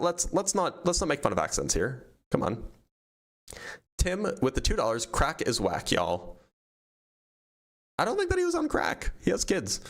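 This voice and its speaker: A man hosting a livestream, casually reading out donor messages and answering them with frequent laughs. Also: medium pitch. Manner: reads donor messages aloud, laughs often. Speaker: streamer reading super chats.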